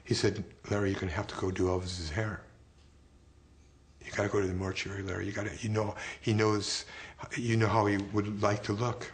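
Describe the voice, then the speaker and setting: A man in a documentary interview, telling his memories in a vivid, halting way. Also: on the low side, flat delivery. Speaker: interviewee recalling a friend's death.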